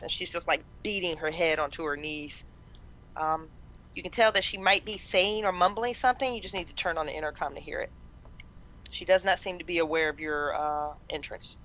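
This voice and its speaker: A woman narrating as game master of a tabletop game, with many pauses and fillers. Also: fairly low pitch, a bit bright. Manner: hesitant, lots of fillers.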